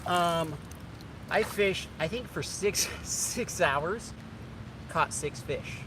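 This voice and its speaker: Chatty man, high voice outdoors. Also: drawn-out words. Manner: chatty, upbeat, talks straight to viewers. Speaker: fishing vlogger. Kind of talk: casual livestream chat while cooking. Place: outdoors on a riverbank. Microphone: camera on a tripod. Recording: outdoor camera audio with loud ambient noise.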